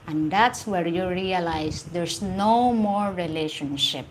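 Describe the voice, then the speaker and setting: A woman's voice: lowish voice, expressive, unhurried, hardly any pauses, slight background noise, rough recording. A woman with a Filipino accent hosting a casual live stream, reading out viewer comments, teasing and laughing often as she repeats her phrases. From Philippines. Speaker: livestream host.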